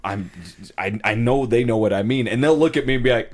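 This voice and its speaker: A man's voice: medium pitch, a little fast. A man from California co-hosting a casual podcast, telling stories with lots of "and whatnot" and acted-out quotes. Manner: animated storyteller, lots of "and whatnot", acts out quotes. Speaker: podcast co-host. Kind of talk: casual chat.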